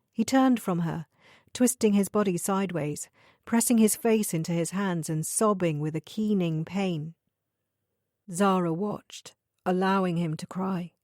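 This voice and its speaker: A woman reading an audiobook thriller in measured, even scripted narration. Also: on the low side, no room sound, clean studio sound.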